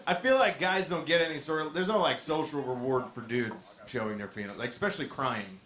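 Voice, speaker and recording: A man doing a stand-up set in a comedy club, with a low-key, deadpan delivery. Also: moderate pace. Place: comedy club stage with a laughing audience. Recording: echoey club with audience noise.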